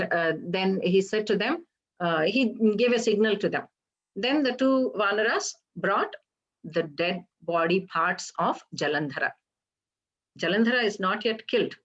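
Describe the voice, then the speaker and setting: A woman with a lowish voice retells an old Hindu legend in a halting, explanatory way, checking in with her listeners as she goes. The recording sounds slightly dull and lo-fi. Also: breathy edge. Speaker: storyteller for a temple program.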